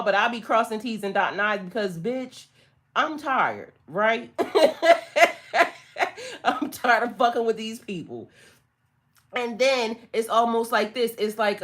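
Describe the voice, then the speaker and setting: A woman's voice: mid-range voice, a bit bright. A woman talks straight to her viewers during a spiritual reading. She is blunt and sassy, swears freely and hammers her points home with emphasis. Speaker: spiritual tarot reader. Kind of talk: casual livestream reading.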